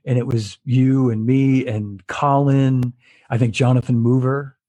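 A man's voice: medium pitch, flat delivery, a little slow, mellow. A man hosting a casual interview over a video call, telling rambling stories with many restarts. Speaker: host.

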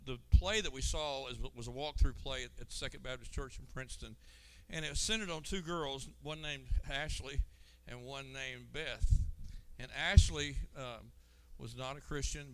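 A man with a smooth, resonant voice and an everyday middle pitch, speaking before a church congregation. He recounts a youth trip haltingly, restarting phrases and dropping in an amen. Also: fairly bright tone, low-quality recording.

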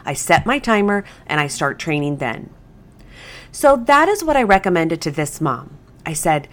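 A woman's voice: low voice, sing-song, moderate pace. A woman who trains dogs, explaining the training step by step in a podcast monologue. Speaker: dog trainer.

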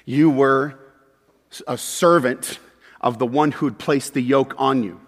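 A man preaching a sermon as pastor, moving between loud emphatic peaks and quiet, confessional asides. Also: medium pitch, fairly even intonation, measured pace. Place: church sanctuary. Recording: long hall reverb.

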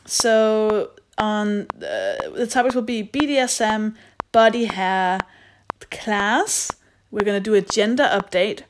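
Woman, podcast host, casual solo update, playful asides, average pitch, noisy recording with clicks. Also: slow pace. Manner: playful, self-mocking, rambling with asides.

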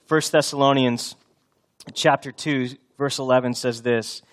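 Earnest thirty-something guy preaching a sermon, mid-pitch voice, repeats lines, goes soft and tender at times. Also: steady tone, unhurried. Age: 30s. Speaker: pastor.

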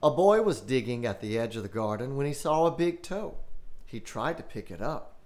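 A man hosting a podcast, reading a children's scary story aloud in a slow, dramatic style. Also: mid-range voice, big pitch swings, a little mellow. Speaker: podcast host.

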